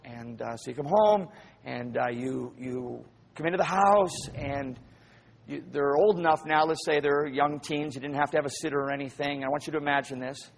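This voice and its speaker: A man's voice: medium pitch, moderate pace, gravelly, slight background noise. A man preaching a sermon who tells stories vividly, acts out scenes and keeps asking his listeners questions. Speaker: pastor.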